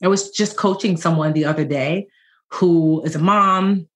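A woman in her forties, a financial educator and podcast guest, telling stories in a lively, joking way. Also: on the low side, normal speed. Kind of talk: conversational podcast interview.

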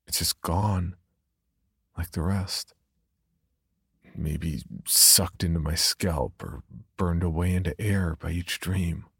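A man narrating a first-person horror story in a subdued, brooding way, with a husky, gravelly voice. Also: deep voice, takes it slowly, long pauses, a bit bright, no room sound, clean studio sound.

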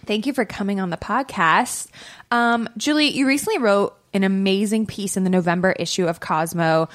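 A woman's voice: mid-range voice, moderate pace. A woman co-hosting a dating podcast, chatting casually with lots of filler words. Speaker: podcast co-host. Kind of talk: casual chat.

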